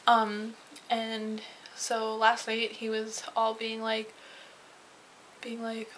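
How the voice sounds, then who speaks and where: A woman's voice: on the high side, flat delivery, takes it slowly, pauses often, a bit bright, slight background noise, rough recording. A young woman talking in a casual confessional vlog, rambling and heated, with lots of fillers and swearing. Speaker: vlogger.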